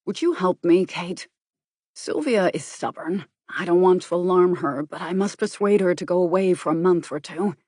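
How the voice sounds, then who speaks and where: A grave, controlled man, read by a woman, talks in a measured, earnest way, quietly worried and gently persuasive. The voice sits low, recorded close and dry in an audiobook. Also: husky, no room sound.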